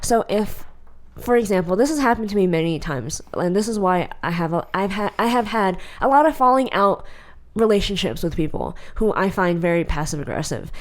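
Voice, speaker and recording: A woman's voice: medium pitch, brisk. Blunt, opinionated woman podcaster. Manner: blunt, opinionated, animated storytelling. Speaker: podcast co-host. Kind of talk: casual podcast chat.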